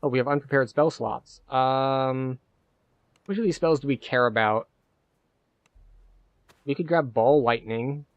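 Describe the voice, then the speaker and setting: A man live-streaming a game, chatting casually and thinking out loud as he plays. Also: medium pitch, measured pace, long pauses, dry recording, dull audio. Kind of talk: live-stream gameplay commentary.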